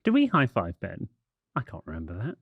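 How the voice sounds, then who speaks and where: A man's voice: on the low side, wildly swooping pitch, fairly quick, vocal fry, dry recording, muffled recording. A man co-hosting a podcast, reading listener messages with a wry, dry manner. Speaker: podcast co-host.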